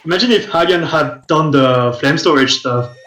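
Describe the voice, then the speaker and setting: A man's voice: fairly high pitch, moderate pace, pushed and bright, reverberant, poor audio. A man commentating a game in a chatty, casual way, often restarting his sentences.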